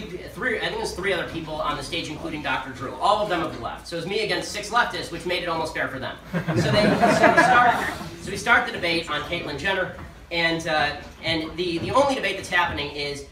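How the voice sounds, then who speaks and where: A man giving a political speech at a university, telling sarcastic anecdotes in a rapid-fire manner before a live audience. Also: a little high, background noise. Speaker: guest speaker at a university. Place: large lecture hall with a live audience. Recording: echoey hall, speaker far from mic, audience laughter.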